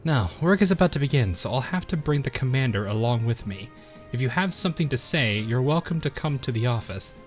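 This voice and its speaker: A calm, commanding game heroine who speaks formally and politely. A man reads her out in his own lively voice, with plenty of movement in his pitch. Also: a little fast, faint music behind, close to an everyday voice. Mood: composed. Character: composed, commanding woman warship leader.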